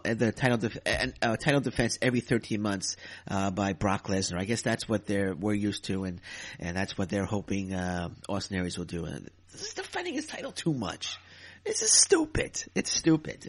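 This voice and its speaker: A man hosting a solo podcast, ranting in an exasperated way and repeating himself as he talks. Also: on the low side. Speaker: podcast host. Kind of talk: casual solo podcast commentary.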